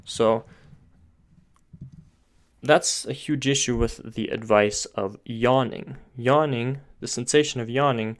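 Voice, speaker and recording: Pausing often and taking it slowly, a man with a medium-pitched, fairly even voice teaches singing technique. He goes step by step, restarts sentences as he thinks aloud, and talks with his hands, pointing to his throat and face.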